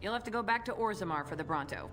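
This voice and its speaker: A woman's voice: medium pitch, expressive, racing, fairly bright tone, natural voice. A woman voicing a sarcastic, cutting fantasy woman. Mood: scornful. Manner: sarcastic, cutting put-downs. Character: sharp-tongued, scornful woman in a fantasy game. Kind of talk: video game voice acting. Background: game music.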